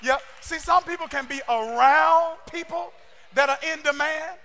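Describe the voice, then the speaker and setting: A man with a very high, bright voice preaches a streamed sermon. He delivers it fervently, often raising his voice to a shout and pressing the congregation with rhetorical questions. A faint crowd can be heard behind him. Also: normal speed, a little hiss or hum. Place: church service streamed online.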